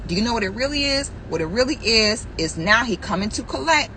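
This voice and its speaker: Fairly quick and animated, a woman vlogger tells a ranting story straight to viewers in a slightly high, pushed, bright voice. She acts out quoted lines and laughs a lot, while the poor audio carries a little hiss or hum.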